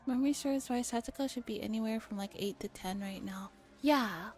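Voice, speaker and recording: A young woman streamer chatting casually and softly between readings, rambling with lots of fillers and casual swearing. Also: a little high, fairly quick, faint music behind. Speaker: streamer reading a novel aloud. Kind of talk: casual soft-spoken commentary.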